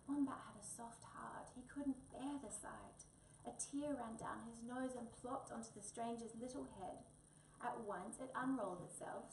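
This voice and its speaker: A woman reading a children's storybook aloud in an expressive, lilting way. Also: a little high. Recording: echoey room, distant mic, faint noise.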